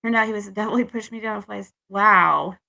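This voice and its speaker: Quick and sharp, with a creaky mid-range voice, a young American woman vlogs a rambling dating story to camera. She keeps restarting and venting her frustration.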